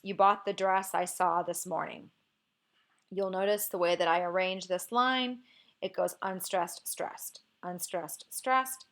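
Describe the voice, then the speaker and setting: A woman teacher explaining poetic meter in a recorded lesson, patient and explanatory, often checking in with "okay". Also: medium pitch.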